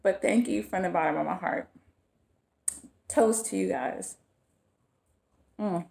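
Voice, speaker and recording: A woman's voice: lowish voice, animated, measured pace, gravelly, pauses often. Effusive woman vlogger gushing thanks. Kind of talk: casual vlog chat.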